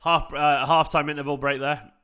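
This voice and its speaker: Bright-voiced man, casual. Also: a little high, level tone, moderate pace, smooth. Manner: casual, chatty, laughs while reading chat. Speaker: fan channel host. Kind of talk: live football watchalong commentary.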